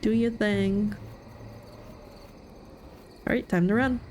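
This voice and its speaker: Woman streamer, unhurried and jokey, reacting to a spooky game with faint music behind. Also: medium pitch, steady tone, darkish tone. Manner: jokey, reactive, nervous laughs. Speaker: gaming video creator. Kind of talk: casual game playthrough commentary.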